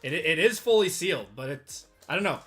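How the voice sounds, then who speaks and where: Man, live-stream host, chatty, upbeat, slightly strained voice, a bit high, bright and forceful tone, faint music behind. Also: animated, fairly quick. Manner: upbeat, chatty, reads out buyer names, laughs easily. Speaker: host of a live sports card group break. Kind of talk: casual live-stream chat. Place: at a desk.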